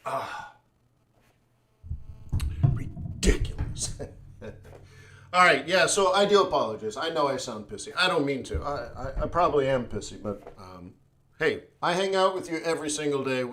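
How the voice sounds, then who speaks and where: A man's voice: fairly high pitch, sing-song, fairly quick, sharp tone. A tired man teaching forex trading live, blunt and sardonic as he thinks aloud over his charts. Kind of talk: live-streamed trading lesson.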